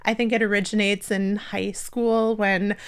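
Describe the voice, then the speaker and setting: A woman's voice: mid-range voice, level tone, measured pace, smooth. A young woman from the United States, talking casually to camera in a self-deprecating vlog, laughing often and filling with "like". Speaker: vlogger.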